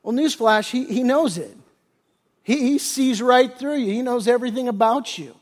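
A man preaching a sermon as pastor, conversational and earnest, often restarting phrases, dropping soft for tender points and rising when reading scripture. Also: extremely high pitch, moderate pace.

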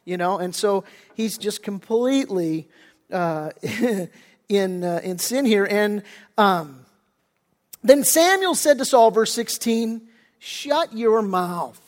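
A man's voice: high-pitched, lively intonation, slow. A male pastor giving a sermon, talking casually and conversationally, often repeating words as he restarts. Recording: long hall reverb.

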